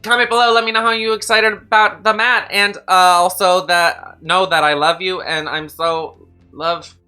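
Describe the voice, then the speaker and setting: A woman's voice: lowish voice, fairly even intonation, moderate pace, bright, forceful tone, clear, resonant tone, faint music behind. A woman hosting a let's play, rambling and joking at her own expense as she reads a dating game. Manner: rambling, self-deprecating, jokey. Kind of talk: casual game commentary.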